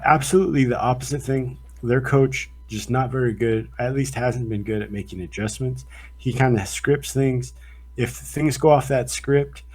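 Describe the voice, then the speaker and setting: A man co-hosting a podcast, chatting casually about sports in a rambling, profane, animated way. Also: medium pitch, husky. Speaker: podcast co-host. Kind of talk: casual chat.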